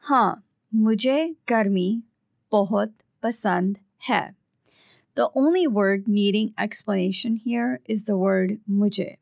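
A woman co-teaching a language lesson, explaining phrases in a measured, patient way. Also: medium pitch, creaky, no echo, clean studio sound.

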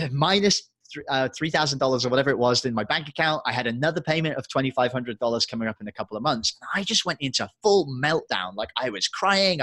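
A young man speaks earnestly and confessionally, piling on fillers as he tells his story. His voice is bright and somewhat husky, and it sounds dry and close. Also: mid-range voice, no echo. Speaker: podcast guest and entrepreneur. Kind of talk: emotional personal story in an interview.

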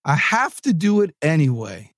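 A man voicing his cheerful oddball childhood friend who speaks calmly. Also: a little high, moderate pace, dry recording, studio quality, voice pushed down. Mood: content.

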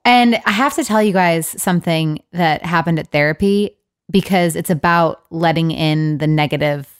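A woman's voice: sits low, normal speed, clear, resonant tone. A woman co-hosting a podcast, telling a personal story in a candid, rambling way. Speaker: podcast co-host. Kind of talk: casual chat.

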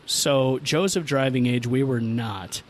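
A middle-aged man hosting a podcast, telling a childhood story in a profane, animated way and laughing as he goes. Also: medium pitch, a little slow, slight background noise. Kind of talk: casual storytelling among friends.

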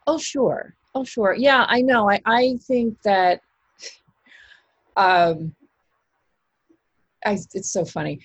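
A woman's voice: medium pitch, slow pace, pauses often, breathy edge, dry recording, dull audio. A woman, an actress, talking casually in an interview, rambling with many fillers and restarts. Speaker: actress guest.

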